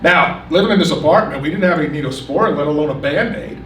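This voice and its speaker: Animated man telling a comic story. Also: a little high, quick pace, a little hiss or hum. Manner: animated, comic, acts out the quotes. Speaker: storyteller at a community story event. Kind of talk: live personal storytelling. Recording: echoey room, picked up from a distance.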